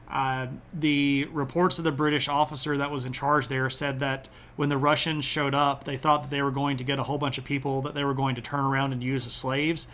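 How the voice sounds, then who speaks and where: A man's voice: mid-range voice, fairly bright tone, a little hiss or hum. A man giving a casual, chatty history lecture on a live stream, with frequent "uh" and "um" fillers. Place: home streaming setup.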